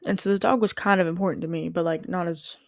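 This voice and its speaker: A woman's voice: on the low side, steady tone, quick pace, vocal fry, a little mellow, dry recording, clean studio sound. A young woman telling a personal story and musing on whether she is a good person, rambling with plenty of "like" and restarts. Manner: rambling, heavy use of "like", frequent restarts.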